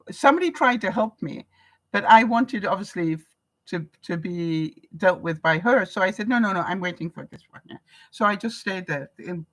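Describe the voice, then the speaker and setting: Animated woman vlogger telling stories. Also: on the low side, low-quality recording. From Canada. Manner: animated storyteller, laughs often, acts out quoted voices. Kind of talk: live stream chat answering viewer comments.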